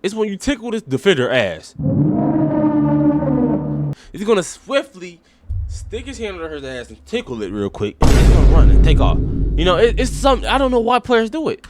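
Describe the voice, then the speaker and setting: Male comic host, rambling profane mock analysis, lively voice. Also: high voice, normal speed, pauses often, loud music behind the voice. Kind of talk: comic sports breakdown.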